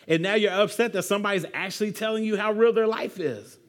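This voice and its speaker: Casual-talking preacher man, high voice. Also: brisk. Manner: casual, says "man" constantly, conversational preaching. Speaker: pastor. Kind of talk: sermon.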